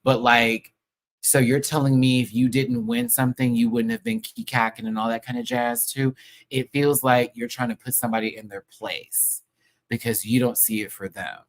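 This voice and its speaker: A man's voice: mid-range voice, steady tone, moderate pace. A man hosting a live review show, ranting in a sassy, heated and profane way full of slang. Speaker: show host reviewing a TV episode.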